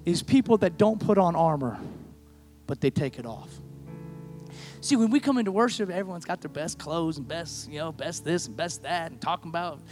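A man preaching a sermon, moving from quiet storytelling to impassioned shouting. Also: on the high side, expressive, brisk, faint music behind. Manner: builds to impassioned shouting, acts out voices in quotes. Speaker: pastor.

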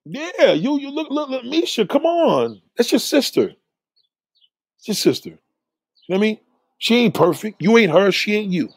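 Man, husky, fairly high-pitched, profane, preachy, confrontational, ranting at livestream chat. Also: very animated, moderate pace, no room sound. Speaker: livestream host reading chat.

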